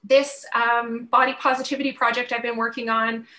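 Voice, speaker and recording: A woman's voice: on the high side, flat delivery, normal speed, pushed and bright, low-quality recording. A woman giving a live masterclass to an audience, earnest and emotional, near tears at times, repeating phrases for emphasis. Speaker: masterclass speaker. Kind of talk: live inspirational talk. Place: event venue before an audience.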